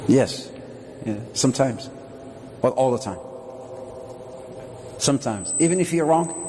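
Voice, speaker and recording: Joking sheikh lecturing in a reverberant hall. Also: male voice, mid-range voice, expressive, a little slow, pauses often, background noise. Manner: jokey, asks the audience questions. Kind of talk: lively mosque lecture. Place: Islamic centre hall.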